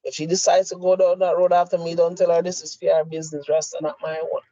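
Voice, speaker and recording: A man's voice: on the high side, flat delivery, fast talker, warm tone, dry recording. A middle-aged man with a Jamaican accent, a podcast co-host delivering a heated, profane, emphatic rant. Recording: dry, slightly muffled lo-fi audio.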